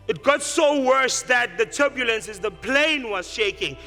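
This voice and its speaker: A man's voice: very high voice, lively intonation, a little slow, pushed and bright, faint music behind. A man giving a motivational speech, telling a story and acting out the characters in it. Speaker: speaker.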